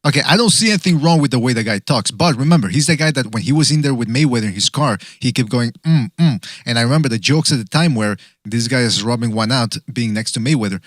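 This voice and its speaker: A man's voice: mid-range voice, expressive, fast, few pauses, no echo. A man hosting a casual boxing podcast, swearing freely and reading viewer comments aloud with laughter. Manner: loose, profane, reads comments aloud with laughs. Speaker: podcast host.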